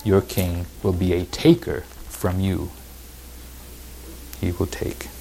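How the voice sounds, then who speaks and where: A man's voice: deep voice, steady tone, takes it slowly, gravelly, warm tone, slight background noise. A man preaching a verse-by-verse sermon, reading scripture aloud and explaining it with emphatic repetition.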